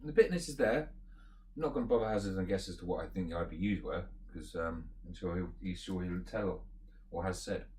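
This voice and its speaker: Laid-back male beer reviewer, lowish voice, rambling and unscripted, faint background hiss. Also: a little fast. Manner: relaxed, rambling, thinks aloud with fillers. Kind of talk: casual beer tasting chat.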